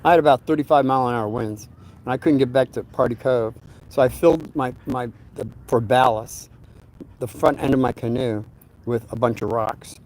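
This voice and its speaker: A man's voice: mid-range voice, moderate pace, darkish tone, slight background noise. An older man casually telling a personal story, rambling and often repeating words as he searches for them.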